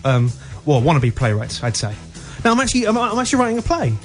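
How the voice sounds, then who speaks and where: Rambling radio host. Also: male voice, fairly high pitch, big pitch swings, fast talker. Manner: rambling, restarts a lot. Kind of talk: comedy radio chat. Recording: music behind.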